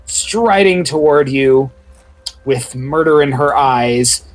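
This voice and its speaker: A man's voice: medium pitch, takes it slowly, low-quality recording. A man narrating a tabletop game as game master, rambling and full of filler words.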